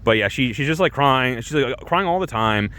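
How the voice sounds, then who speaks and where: A man's voice: mid-range voice, animated, normal speed, fairly bright tone. A man giving a casual, rambling movie review, full of restarts and fillers, who swears freely.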